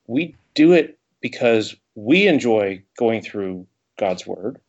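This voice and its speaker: A man's voice: on the low side, sing-song, takes it slowly. A man co-hosting a podcast, talking earnestly about why the group meets. He repeats words and restarts his sentences as he goes. His voice has a dull, lo-fi sound. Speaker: podcast co-host. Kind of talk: casual chat.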